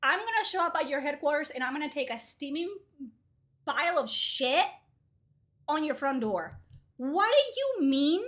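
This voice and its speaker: Animated high-voiced woman streamer. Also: normal speed. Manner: exasperated, swears a lot, switches into Spanish. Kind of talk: casual gaming livestream commentary.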